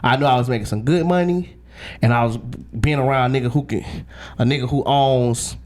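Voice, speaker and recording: A young man telling a long personal story as a guest in a casual interview, slangy and animated, often acting out what others said. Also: medium pitch, brisk.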